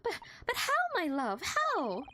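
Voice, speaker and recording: A woman's voice: high voice, huge pitch swings, takes it slowly, pushed and bright, a little hiss or hum, voice pushed up, heavily acted. A woman voicing a doting young wife who gushes over her husband. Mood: adoring.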